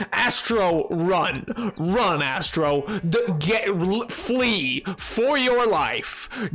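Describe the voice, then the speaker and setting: A live streamer playing a game, joking with chat in a loose, excitable way, jumping from loud outbursts to low mutters. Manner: excitable, bantering with chat, jumping between yelling and mumbling. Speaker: livestreamer playing a video game. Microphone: desk mic.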